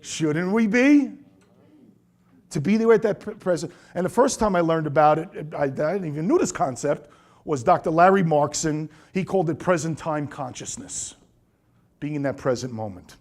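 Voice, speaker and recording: Lively middle-aged man giving a seminar talk. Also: a little high, normal speed. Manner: lively storyteller who acts out quoted voices. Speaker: chiropractor speaking to colleagues.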